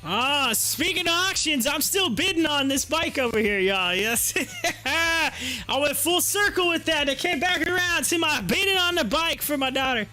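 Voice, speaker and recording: A man hosting a live stock market stream, reading a long list of trades in rapid-fire fashion with playful hype. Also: very high voice, lively intonation, pushed and bright, soft background music. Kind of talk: casual live stream commentary. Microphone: desk microphone.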